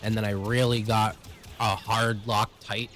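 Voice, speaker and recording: A young man telling a personal story in blunt, profane, rapid-fire language. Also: on the low side, level tone, a bit bright. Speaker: vlogger.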